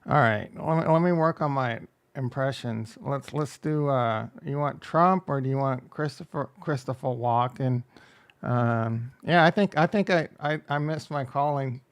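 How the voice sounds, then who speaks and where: Man, casual livestream commentary, rambling and jokey, gravelly edge, smooth resonant tone. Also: mid-range voice, a little slow. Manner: rambling, jokey, self-deprecating, reads chat aloud. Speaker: crypto livestream host.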